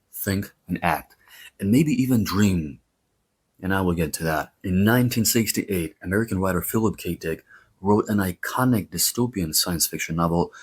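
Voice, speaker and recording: A man's voice: low voice, slightly rough. A man with a Greek accent hosting a podcast, telling stories in a chatty, digressive way with playful jokes. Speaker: podcast host. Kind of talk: casual podcast storytelling.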